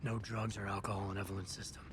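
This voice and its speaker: An actor playing a gruff male cyborg security agent in a video game, speaking tersely and levelly. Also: lowish voice, level tone, quick pace, close to an everyday voice.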